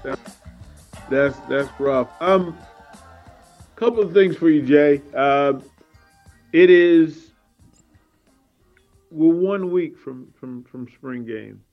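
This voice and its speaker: A man's voice: a little high, takes it slowly, long pauses, muffled recording, soft background music. A man hosting a sports talk show, chatting casually and leading his co-host with questions.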